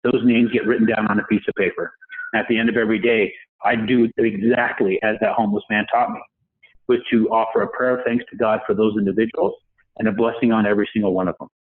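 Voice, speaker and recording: A man's voice: on the low side, flat delivery, fast, phone-quality sound. A man telling a personal story in a podcast interview, acting out the voices of people he quotes. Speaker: podcast guest. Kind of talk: storytelling in a conversation.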